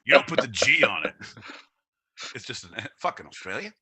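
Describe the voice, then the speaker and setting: A man hosting a live podcast, bantering loudly in a rambling, profane, joking way. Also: mid-range voice, big pitch swings, normal speed. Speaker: podcast host. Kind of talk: casual live-stream banter.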